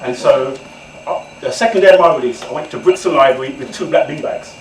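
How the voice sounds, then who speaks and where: A man, an author telling comic stories to an audience in an animated way and laughing often. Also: medium pitch, quick pace. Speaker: author, guest speaker. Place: event room indoors. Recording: echoey room from far off, noisy.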